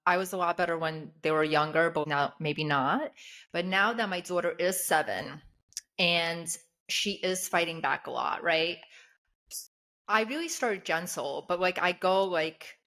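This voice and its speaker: A woman in her thirties co-hosts a casual podcast chat, her first language Russian. Her voice sits a little low. She talks candidly, often laughing and acting out her own asides. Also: unhurried, bright, forceful tone. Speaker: podcast co-host.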